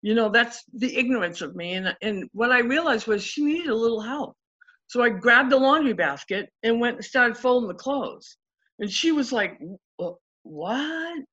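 Woman guest, coaching type, chatty storyteller, higher voice, muffled lo-fi sound. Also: moderate pace. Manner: animated, acts out quotes of clients. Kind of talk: casual storytelling interview.

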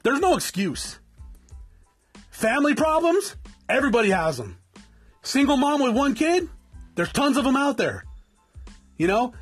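Over soft background music, a man in his 40s from South Tucson, Arizona, rants bluntly at viewers he calls guys, lecturing and swearing the whole way through a motivational vlog. His extremely high, husky voice is very animated yet unhurried, with frequent pauses.

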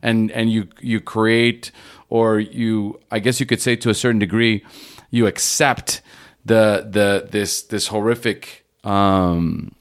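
A man hosting a podcast interview, talking in a reflective, halting way with frequent restarts. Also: lowish voice, fairly even intonation, smooth. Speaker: podcast host. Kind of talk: conversational interview.

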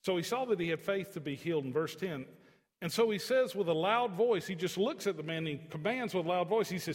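A man preaching a sermon in a folksy, joking way, swinging from soft to emphatic. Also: sits high, lively intonation, quick pace, in a large hall. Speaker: pastor.

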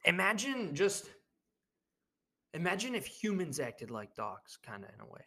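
A young man hosting his own podcast, rambling through a jokey, profane monologue with sudden loud bursts. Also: high-pitched, very animated, a little slow. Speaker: podcast host. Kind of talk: casual comedic monologue.

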